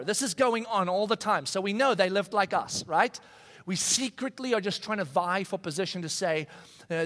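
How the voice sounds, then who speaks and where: A man preaching a sermon in a conversational, animated way, acting out quoted voices. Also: high-pitched, fairly quick. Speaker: pastor. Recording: long reverb of a large hall.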